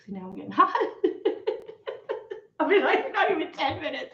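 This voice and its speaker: A woman's voice: high-pitched, sing-song, moderate pace, vocal fry, long pauses, pushed and bright. A woman hosting a livestream, talking bluntly and heatedly to her viewers and swearing. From Texas. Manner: fired-up, blunt, swears and addresses viewers as y'all. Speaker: livestream host. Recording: echoey room, slightly dull sound.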